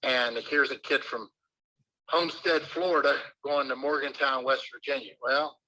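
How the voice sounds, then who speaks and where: An older man, a baseball manager, telling rambling anecdotes full of fillers in a relaxed interview. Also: mid-range voice, moderate pace, poor audio.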